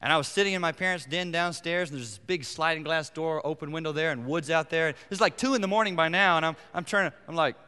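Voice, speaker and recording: A middle-aged man preaching a sermon as pastor, emphatic, rising to near-shouts on his key points. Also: a little high, fast talker, few pauses, smooth. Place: church sanctuary. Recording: long hall reverb.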